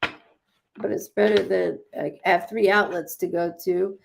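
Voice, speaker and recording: A woman's voice: lowish voice, fairly even intonation, unhurried, gravelly, background noise. A woman hosting a psychic live stream, chatting casually and effusively with viewers as she reads their comments. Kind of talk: casual livestream chat reading comments.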